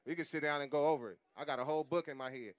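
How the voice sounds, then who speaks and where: A man's voice: a little high, steady tone, very fast, clean tone. Man talking street-style at a rally. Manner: conversational, repeats "you know what I mean". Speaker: rally speaker.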